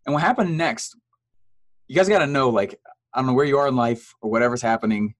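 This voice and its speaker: Speaking fast, a thirtysomething interview guest shares his story in a relaxed, animated way, laughing frequently. When he quotes people, his pitch leaps upward.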